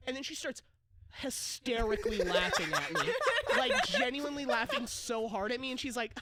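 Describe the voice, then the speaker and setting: A young man co-hosting a podcast, telling a story in casual chat, swearing freely and getting excited and laughing as it builds. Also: extremely high pitch, fairly quick, heavy background noise. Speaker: podcast co-host.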